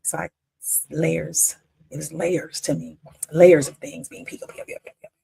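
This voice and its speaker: A woman in her fifties telling a personal story in an emotional, emphatic way, swinging between loud declarations and near-whispers. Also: low-pitched, little pitch movement, normal speed, gravelly, breathy edge. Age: 50s. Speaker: independent filmmaker.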